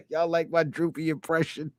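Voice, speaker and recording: A man's voice: a little high, dry recording, clean studio sound. A man hosting a ranting comedy commentary, crude and mocking, laughing at his own jokes. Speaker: channel host.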